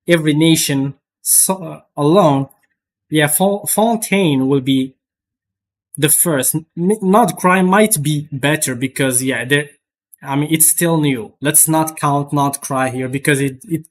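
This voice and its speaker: A man's voice: on the high side, takes it slowly. A young man streaming live, chatting casually and rambling, with lots of restarts and swearing.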